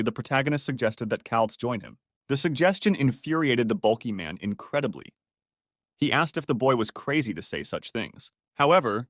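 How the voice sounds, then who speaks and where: Male narrator, mid pitch, dry close-mic read, steady scripted comic recap. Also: no echo. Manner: even, steady reading in reported speech.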